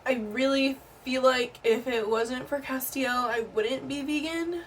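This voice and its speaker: A young woman talks straight to her camera in a loose, chatty vlog style, frank and quick to laugh. Her voice sits a little high, and she drops the odd swear word without fuss. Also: steady tone, slight background noise. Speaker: vlogger. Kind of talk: casual chat to camera.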